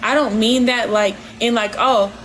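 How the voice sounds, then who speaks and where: A woman hosting a livestream, talking casually in a rambling, halting way with lots of fillers. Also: a little high, a little hiss or hum, low-quality recording. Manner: says she talks with her hands, animated. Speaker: livestream host.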